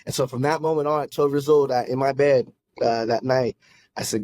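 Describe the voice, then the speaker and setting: A man at a medium pitch speaks earnestly into a close podcast mic, often stopping and starting his sentences. The sound is dry with no room echo. He talks like a pastor telling his own story in a casual chat. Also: fairly even intonation, darkish tone. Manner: earnest, halting, many restarts. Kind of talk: casual testimony in a conversation.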